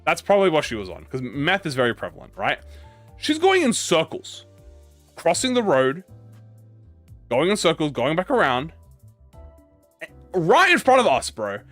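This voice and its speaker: A man's voice: on the high side, wildly swooping pitch, normal speed, long pauses, a bit bright, no echo, faint music behind. A young man, a gaming YouTuber, telling a rambling, profane anecdote in casual chat, with lots of restarts.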